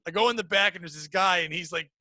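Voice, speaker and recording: A young adult man, a podcast co-host, telling a crude comedic story, animated and acting out the people in it. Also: high-pitched, quick pace, no echo. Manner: crude, animated, acts out voices in anecdotes.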